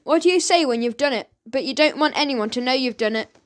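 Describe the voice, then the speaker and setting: A woman's voice: high voice, fast talker, lightly acted. A woman voicing a dim-witted, puzzled male henchman.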